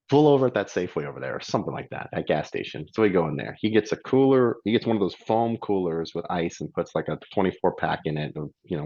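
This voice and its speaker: A middle-aged man, a former pro wrestler, telling a story in a casual, animated way and acting out the lines of the people in it. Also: sits low, husky, highs cut off. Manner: animated, acts out quotes of others.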